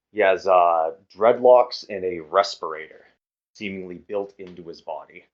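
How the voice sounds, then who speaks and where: Slow low-voiced male game master. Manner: relaxed, hesitant narration with fillers. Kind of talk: narrating a tabletop game. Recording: muffled lo-fi audio.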